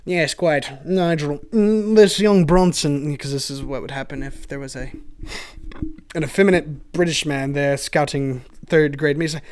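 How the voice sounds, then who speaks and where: A man's voice: a little high, measured pace, clear, resonant tone. Rambling, self-mocking young man. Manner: chatty, self-mocking, laughs often. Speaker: solo podcast host. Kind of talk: rambling casual monologue. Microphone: camera mic.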